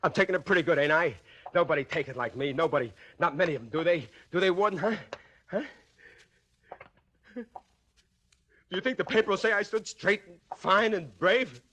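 A man's voice: sits high, fairly quick, pauses often, a bit bright, slight background noise. An actor playing a condemned male killer in a radio drama, talking tough-guy slang and pressing others with taunting questions. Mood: swaggering. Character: condemned male killer, boastful, cracking under fear. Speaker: prisoner. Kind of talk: 1940s radio acting.

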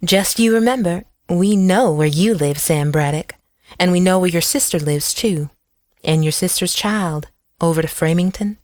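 A cheerful, menacing country woman, as a woman narrator puts her on in a storybook reading. She is pitched well above the narrator's low voice and sounds pleasant while making threats, close and dry with no room sound. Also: normal speed, darkish tone, dry recording, close to an everyday voice. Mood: jovial menace. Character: jovial, menacing country woman with a harsh laugh.

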